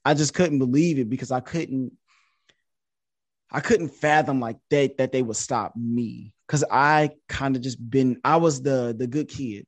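A man in his thirties, a podcast guest, telling a story in a casual, animated way and jumping up in pitch when he quotes himself. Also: a little slow, no echo. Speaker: podcast guest, social media influencer.

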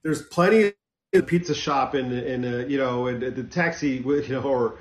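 A man's voice: medium pitch, moderate pace. Enthusiastic man from California, echoey room. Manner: enthusiastic, playful. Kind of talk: casual chat.

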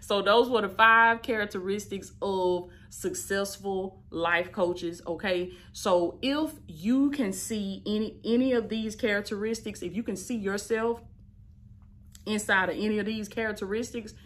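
A woman in her thirties, a life coach, giving an emphatic, repetitive motivational talk with an affectionate, preachy warmth. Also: mid-range voice, unhurried. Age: 30s. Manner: emphatic, repetitive, preachy, affectionate, calls listeners "baby" and "y'all". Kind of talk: motivational teaching talk to camera.

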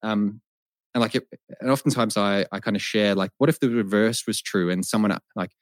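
A man's voice: fairly low pitch, steady tone, fairly quick, no echo, clean studio sound. An Australian man, a men's sex coach, speaking as a guest in a casual podcast interview, explaining things thoughtfully with hesitant restarts.

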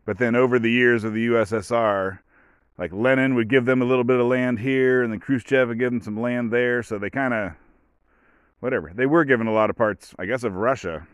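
A man's voice: medium pitch, a little fast, clean tone, no room sound, muffled recording. A man hosting a casual solo podcast, talking in a rambling, offhand way with dry joking asides. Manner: rambling, offhand, full of "like" and "whatever". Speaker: podcast host.

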